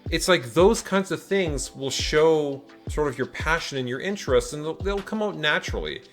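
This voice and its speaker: A man giving dating advice in a casual, animated monologue, emphatic with jokey asides. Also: fairly high pitch, moderate pace, faint music behind.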